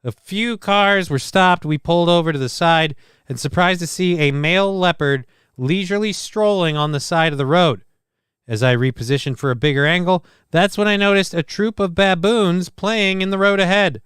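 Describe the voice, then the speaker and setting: A man's voice: high-pitched, moderate pace, fairly bright tone, clear, resonant tone, dry recording. A man hosting a live stream, reacting to videos with sardonic, profane jokes. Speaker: show host.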